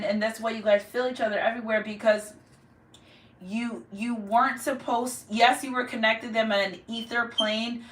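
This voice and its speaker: A woman's voice: medium pitch, a bit bright. A woman giving a casual tarot reading at home, emphatic and repeating her points. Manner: emphatic, repeats herself, chatty. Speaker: tarot card reader. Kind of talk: casual spiritual reading to camera. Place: home room. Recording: echoey room, mic far off.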